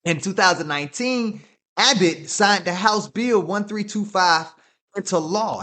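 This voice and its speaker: A man with a drawl holds forth on his podcast in a loose, profane rant. His voice sits a little high and swoops up and down a lot, and he breaks into laughter between his points. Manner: animated, laughs often, swears freely. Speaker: podcast host.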